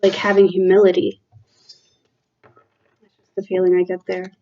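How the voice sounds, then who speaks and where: A woman giving a tarot reading from a room at home, talking in a slow, halting, reflective way with many fillers. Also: fairly low pitch, monotone, warm tone, muffled recording, slight background noise. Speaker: tarot reader.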